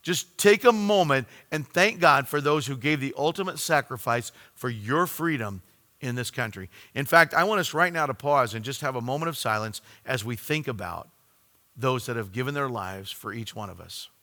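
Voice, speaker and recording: A man preaching a sermon, telling a story earnestly and slowing down for emphasis. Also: medium pitch, lively intonation, pushed and bright, big-room sound. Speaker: pastor.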